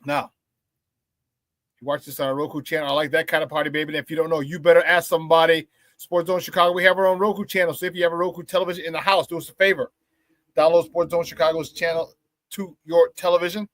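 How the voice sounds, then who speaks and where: Hyped-up high-voiced male show host. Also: level tone, quick pace, a bit bright, dry recording. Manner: hype, playful, talks to the chat and laughs often. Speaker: sports talk show host. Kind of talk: upbeat morning show chat.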